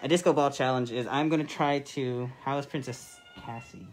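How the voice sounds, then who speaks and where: A man's voice: medium pitch, moderate pace, a little hiss or hum. A man on the staff of a cat shelter, chatting playfully and laughing often on a casual live stream. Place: indoor cat shelter room.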